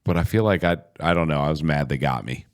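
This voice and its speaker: A man's voice: a bass voice, quick pace, dry recording, studio quality. A man hosting a casual podcast interview, speaking hesitantly and poking fun at himself. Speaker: podcast host.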